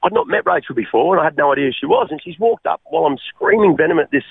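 An Australian man telling his life story as an interview guest, halting and repeating his words, often calling the host mate. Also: fairly high pitch, expressive, creaky, breathy edge, no echo. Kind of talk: personal testimony in an interview. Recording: phone-like narrow line.

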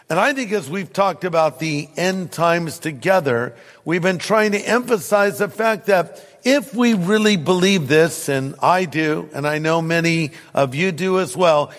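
A man's voice: high-pitched, a bit bright, in a large hall. A man preaching a sermon as pastor, in a conversational storytelling manner with touches of humor.

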